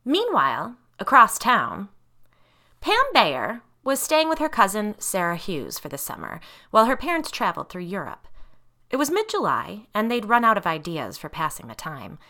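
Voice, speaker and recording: Woman narrator, bright and lively, expressive scary-story reading. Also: mid-range voice, moderate pace.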